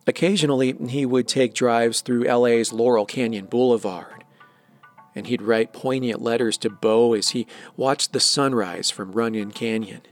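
A man delivering scripted documentary narration in a measured, even way. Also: medium pitch.

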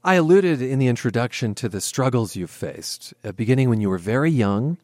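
A male host conducts an interview in a calm, measured voice of middle pitch. The sound is dry and close. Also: no echo. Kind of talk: radio interview.

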